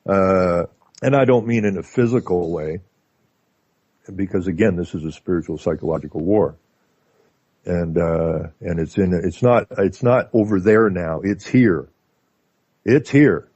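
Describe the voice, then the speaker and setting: A Canadian man with a fairly low, dry voice tells stories on a call-in radio show. He talks in an animated way and fills his pauses with "uh" and "you know." The line sounds dull and lo-fi. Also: no room sound. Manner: animated storytelling with filler words. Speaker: guest. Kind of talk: casual radio talk.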